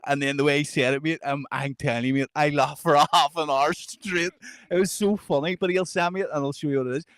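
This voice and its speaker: A man co-hosting a podcast, telling stories in lively bursts and breaking into laughter as he goes. His voice sits a little high, and the recording sounds dry and close. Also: fast, dry recording. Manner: animated, laughs through stories, swears freely. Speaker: podcast co-host. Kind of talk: casual storytelling chat.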